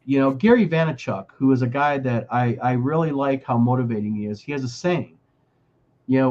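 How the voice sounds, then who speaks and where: A man's voice: medium pitch, brisk, dull audio. A man co-hosting a casual chat show, talking emphatically with many restarts. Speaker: podcast co-host.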